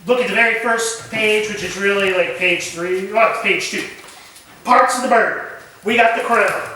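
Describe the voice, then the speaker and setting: A high-voiced man leads a hands-on camp nature lesson and keeps asking his listeners questions. His voice is bright. He is picked up from far off in a very echoey room. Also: slight background noise. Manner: animated, asks the group questions.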